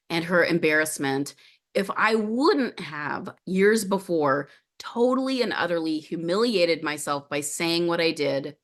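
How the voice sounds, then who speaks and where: A woman with a lowish voice, middle-aged, recounting a personal story as a podcast guest. She talks in an animated way and slips into the voices of the people she quotes.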